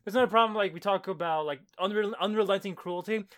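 A man chatting casually about comics, with fast, stumbling restarts. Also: high voice, fairly bright tone.

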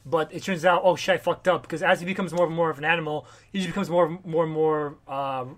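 A man co-hosting a podcast, retelling a comic story in casual chat, animated and profane with lots of fillers. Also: a little high, quick pace. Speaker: podcast co-host.

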